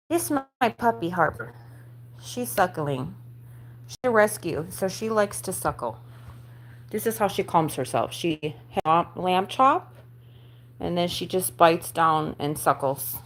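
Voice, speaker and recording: A woman's voice: on the low side, slight background noise. A woman host chatting casually on a livestream while she plays with her dog, laughing and cooing baby talk into a phone on a stand.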